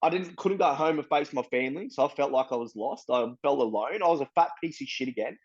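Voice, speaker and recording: This interviewee, an Australian man, speaks fast in a fairly high voice with a breathy edge, and the audio sounds dull. He's frank and blunt about his story, cursing often and dropping in fillers like "bro" and "you know what I mean."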